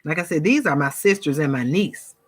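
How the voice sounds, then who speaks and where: Low-pitched and slightly rough, her voice has lively intonation and a fairly quick pace. She's a spiritual vlogger preaching fervently and casually to viewers she calls y'all, now and then imitating gossipers.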